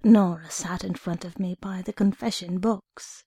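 Expressive woman storyteller for audiobook narration, warm and gravelly. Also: lowish voice, unhurried, dry recording, studio quality. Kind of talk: audiobook reading of a short story.

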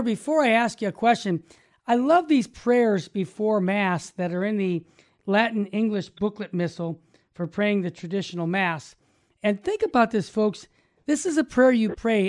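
A man hosting a Catholic talk show, reading prayers aloud and eagerly affirming his priest guest. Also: sits high. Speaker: host.

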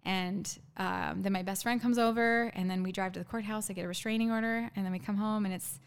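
A woman guest telling a painful personal story in a halting, earnest way, with many fillers and restarts. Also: mid-range voice, fairly even intonation, vocal fry, clear, resonant tone.

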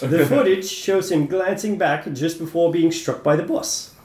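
A man co-hosting a casual podcast, reading a news story aloud in a quick, casual way with asides. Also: a little high, a little mellow, echoey room. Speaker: podcast co-host.

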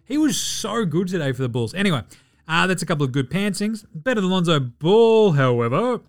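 A man's voice: high-pitched, sing-song, fairly quick. A man with an Australian accent, hosting a casual sports podcast, swearing freely and joking through player stats. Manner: profane, joking, mimics players in asides. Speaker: podcast host.

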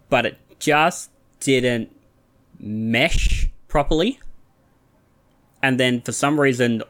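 A man's voice: medium pitch, fairly bright tone. Dry-toned male podcast co-host. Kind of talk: casual chat.

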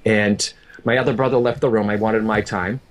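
A man's voice: on the low side, fairly even intonation, brisk, slight background noise. Man, medium, earnest, emotional storytelling, repeats himself, talks to the listener. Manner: earnest, repeats words, addresses the listener directly.

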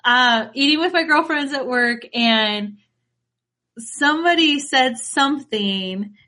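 A woman's voice: high voice, takes it slowly. A woman co-hosting a wrestling podcast, chatting casually and telling stories with lots of laughter. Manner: excitable, laughs often while telling stories. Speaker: podcast co-host. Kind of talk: casual chat.

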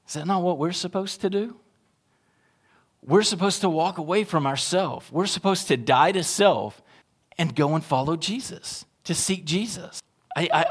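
A man, an associate pastor, preaching a sermon in a conversational, animated way, often checking in with his listeners and swinging between emphatic raised lines and quiet asides. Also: fairly high pitch. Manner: conversational, animated preaching with frequent tag questions to the congregation.

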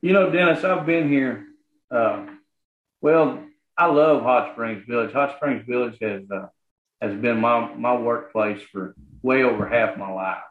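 A man's voice: mid-range voice, measured pace. A man with a Southern accent talks earnestly in a casual interview, stopping and restarting often and leaning on lots of fillers. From Arkansas, USA. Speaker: guest, property association manager. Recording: roomy, phone-like sound.

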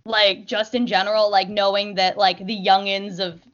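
A woman's voice: medium pitch, little pitch movement, moderate pace, fairly bright tone, lo-fi sound. A young woman chatting casually as a podcast guest, telling stories with lots of fillers and playful quoted voices. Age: young adult. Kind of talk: casual chat.

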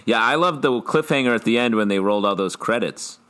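A man co-hosting a casual podcast who makes deadpan jokes and teases his co-host. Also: mid-range voice, fairly quick. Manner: joking, deadpan teasing. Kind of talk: casual TV recap chat.

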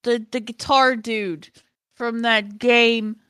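Bright, lively woman co-host. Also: a little high, takes it slowly, clean tone, no echo, studio quality. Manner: animated, swears freely, slips into joking voices. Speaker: podcast co-host. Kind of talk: casual chat.

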